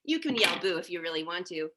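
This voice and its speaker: A woman's voice: fairly low pitch, background noise. A woman leading songs and blessings for a congregation, chatty and encouraging between verses, playing guitar. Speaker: song leader at a synagogue celebration. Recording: faint guitar music behind.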